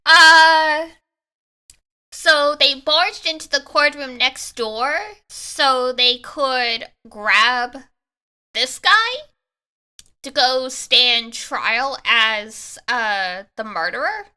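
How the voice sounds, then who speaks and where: A woman's voice: high-pitched, animated, extremely slow, sharp tone, smooth. A young adult woman streamer giving chatty, joking commentary while playing a game, laughing often. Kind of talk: let's-play commentary.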